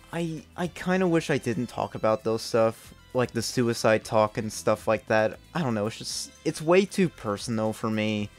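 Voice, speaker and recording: A young man reviewing his own old video game reviews in a candid, self-critical, casual way, swearing often. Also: medium pitch. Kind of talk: casual retrospective commentary.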